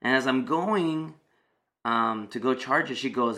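A man's voice: medium pitch, unhurried, bright, forceful tone. A man casually telling a personal story, rambling with many fillers and restarts.

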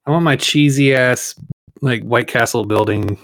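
A man's voice: medium pitch, measured pace, creaky, fairly bright tone, dry recording, rough recording. A man in casual chat as a podcast co-host, joking around and laughing easily.

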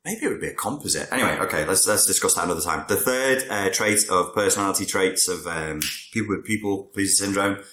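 A man's voice: low-pitched, quick pace, hardly any pauses, pushed and bright, roomy sound, a little hiss or hum. A man, a therapist talking casually to camera about personality traits, digressive and wry. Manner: conversational, digressive, wry asides. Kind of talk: talking-head explainer.

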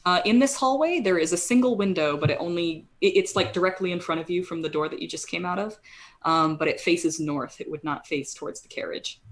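A woman's voice: on the low side, fairly quick. A woman narrating a tabletop horror game as game master. She describes each scene in a rambling way and corrects herself as she goes.

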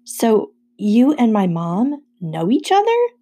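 A woman's voice: on the high side, huge pitch swings, slow, dark tone, slightly rough, full character voice. A woman narrator voicing a bewildered boy who fires off incredulous questions. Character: startled boy, bewildered and blunt.

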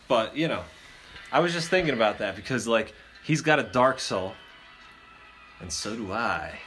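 A man's voice: medium pitch, expressive, moderate pace, music in the background. A man co-hosting a comedy podcast, riffing in a joking, profane, casual way. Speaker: podcast co-host.

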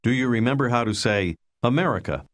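A man narrating a language lesson in scripted instructional style, calmly prompting the listener to repeat. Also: mid-range voice, a little fast. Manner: calm, patient, prompting the listener.

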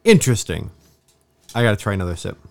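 A man's voice: fairly low pitch, very animated, fast, gravelly. A man co-hosting a podcast in casual chat, teasing his partner, telling stories and laughing often. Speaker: podcast co-host.

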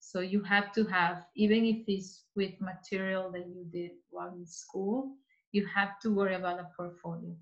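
A woman's voice: on the low side, fairly even intonation, moderate pace. A woman interior designer giving career advice in a casual interview, earnest and repeating herself as she searches for words. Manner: earnest, speaks in restarts and repeats. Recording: slightly dull lo-fi sound.

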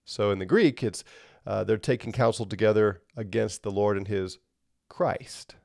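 A man teaching a Bible lesson with a low, gravelly voice. He talks conversationally and keeps checking in with "right?", and the dry, close sound carries no room echo. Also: normal speed, darkish tone.

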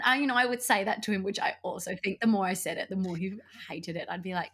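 A young adult woman, co-hosting a podcast and telling a breakup story in casual chat, animated and laughing often. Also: mid-range voice, quick pace, hardly any pauses, breathy edge. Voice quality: animated, laughs often, acts out quoted voices. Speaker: podcast co-host.

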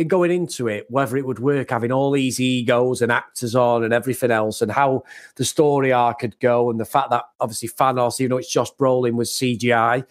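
A man from England co-hosting a comics podcast, talking casually and with enthusiasm, often laughing and repeating words. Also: mid-range voice. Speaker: podcast co-host. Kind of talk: casual chat.

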